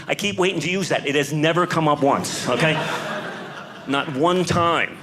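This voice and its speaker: A man's voice: on the high side, moderate pace. A male stand-up comedian working a live crowd, chatting and asking the audience questions. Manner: conversational, asks the crowd questions. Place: comedy club stage. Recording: live club recording with crowd noise. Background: audience laughter.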